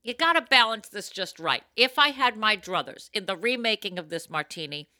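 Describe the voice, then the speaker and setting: Woman cohost, super bouncy pitch, bright voice, dry close mic. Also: fairly quick, dry recording. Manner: animated, jokey, swings into high mock voices. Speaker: podcast co-host. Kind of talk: casual chat.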